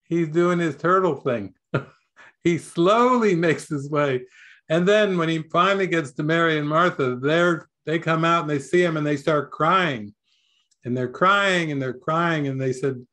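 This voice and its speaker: A man's voice: fairly high pitch, measured pace, fairly bright tone. An older man teaching a spiritual talk, storytelling playfully and laughing often. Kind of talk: sermon.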